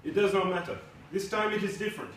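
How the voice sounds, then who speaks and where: Villain with a fake French accent, formal and gloating, read by a male author; high-pitched, distant, very roomy. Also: lively intonation, fast, fairly bright tone, a little hiss or hum. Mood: stubborn. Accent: put-on French. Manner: formal, gloating, stiff phrasing. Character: scheming male villain with thick mustache. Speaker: villain in a read-aloud novel. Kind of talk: author reading aloud. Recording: echoey room from a distance.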